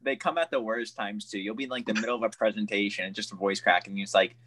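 A young man hosts a sports podcast in an easygoing, chatty way. His voice sits fairly low. He keeps it loose and friendly with his co-host. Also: fast, a bit bright, a little hiss or hum. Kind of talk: casual sports podcast chat.

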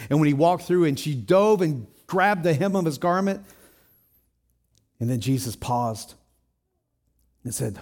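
A man's voice: on the high side, expressive, unhurried, long pauses, darkish tone. A man preaching a sermon as a pastor in church, earnest and emphatic, acting out scenes in quoted lines.

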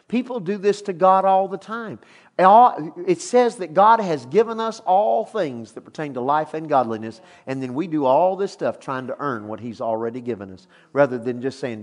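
A middle-aged man preaching a sermon as a pastor, emphatic and animated as he retells a story. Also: fairly high pitch, normal speed. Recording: long hall reverb.

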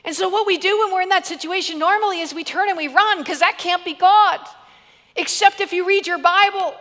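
A woman's voice: extremely high pitch, bright, forceful tone, in a large hall. A woman preacher giving an emphatic sermon, building it with repeated phrases and humorous stories. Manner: emphatic, repetitive, storytelling with humor.

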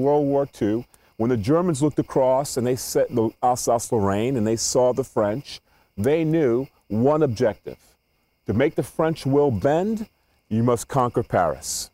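A man's voice: medium pitch, mellow, no room sound. A man giving a sermon to an audience, quizzing them with questions and repeating words as he thinks. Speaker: preacher.

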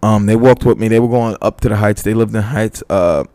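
Gravelly New man telling stories. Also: fairly low pitch, a little fast, warm tone, dry recording. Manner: loose, profane storyteller who acts out dialogue. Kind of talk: casual storytelling chat.

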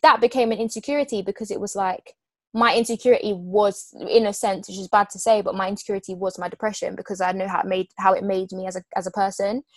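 A woman's voice: mid-range voice, steady tone, quick pace, no room sound. A young woman in her twenties talking openly and with emotion in a casual heart-to-heart chat. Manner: open, emotional, frank.

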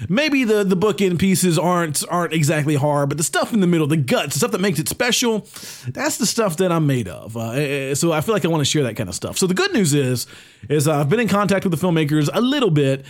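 A man talks loosely as a podcast co-host, stringing thoughts together with plenty of "uh" and casual swearing. His voice sits a bit high for a man, and the delivery stays relaxed and chatty throughout. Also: fast. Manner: loose, rambling, swears freely, many fillers. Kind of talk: casual chat.

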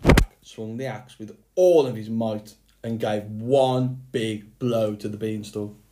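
A man reading a fairy tale aloud in a slow, measured storytelling manner. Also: lowish voice, heavy background noise. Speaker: storybook reader. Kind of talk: scripted fairy tale narration.

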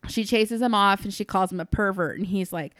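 A woman's voice: medium pitch, fairly quick, a bit bright, dry recording, studio quality. A woman co-hosting a podcast, recapping a movie in casual chat with crude, sarcastic jokes. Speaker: podcast co-host.

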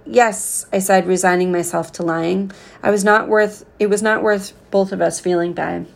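Woman reading a novel aloud, low-pitched, gravelly, steady, earnest. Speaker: reader.

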